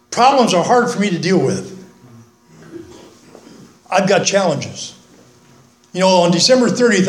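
An older man giving a folksy, earnest talk at a recovery meeting, with self-mocking humor. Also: high-pitched. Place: meeting room, speaking from the front. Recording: echoey meeting room.

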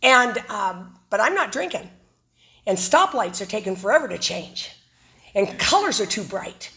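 Bright-voiced woman sharing her story. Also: medium pitch, measured pace, vocal fry. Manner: humorous, animated storytelling. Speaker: speaker at a recovery meeting. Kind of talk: personal testimony talk.

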